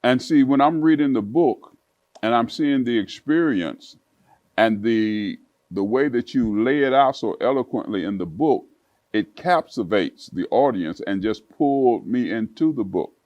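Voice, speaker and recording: A man's voice: mid-range voice, animated, unhurried, no echo, highs cut off. A man hosting a television interview, effusive and affirming toward his guest. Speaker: TV talk show host.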